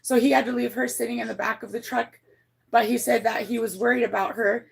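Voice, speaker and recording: A woman with a gravelly edge and a fairly high voice, talking to her stream chat. She rambles, restarts often and swears bluntly. Her voice climbs high when she gets emotional. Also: fairly even intonation, fairly quick. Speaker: livestreamer reading her chat. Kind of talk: casual livestream storytelling.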